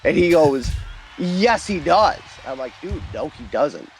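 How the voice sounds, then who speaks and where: A young man doing casual gaming commentary, telling stories and acting out quotes with lively energy. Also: on the high side, measured pace, faint music behind. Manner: animated storytelling, acts out quotes.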